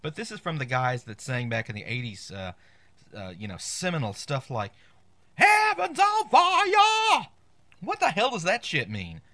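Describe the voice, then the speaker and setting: A man's voice: medium pitch, very animated, normal speed, bright, forceful tone, no echo. A man hosting a comic show, delivering a sarcastic, rambling, irreverent monologue. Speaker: podcast host.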